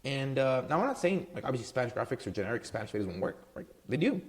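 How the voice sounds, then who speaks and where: A man's voice: medium pitch, big pitch swings, fast talker. A man running a marketing business, giving casual advice straight to camera in a loose, conversational way, tagging his points with "right?" and plenty of "um"s. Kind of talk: casual talking-head advice.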